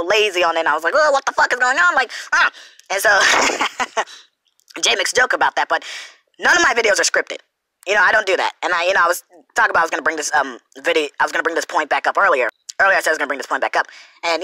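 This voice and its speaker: Young woman reaction host; fast, rambling, self-correcting, dry sound. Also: on the low side, sharp tone, no room sound, poor audio. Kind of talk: unscripted response commentary.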